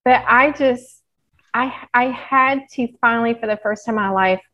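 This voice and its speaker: A woman's voice: a little high, normal speed, muffled recording. A woman guest talking openly and animatedly in a casual interview about her health journey, laughing as she tells stories. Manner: open, animated storytelling with laughs. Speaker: podcast guest, health practitioner.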